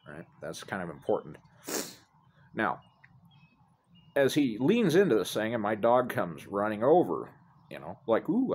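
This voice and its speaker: Deep-voiced man telling a rambling story. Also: slight background noise. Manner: profane, rambling, self-deprecating. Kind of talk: casual storytelling to a phone camera. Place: outdoors near apartments. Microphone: phone held by speaker.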